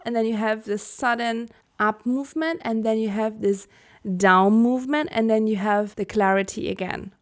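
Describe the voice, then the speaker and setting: A young woman from Germany explaining a personal-growth topic in a video lesson, earnest and candid, correcting her own slips with a laugh. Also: medium pitch. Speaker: Human Design teacher.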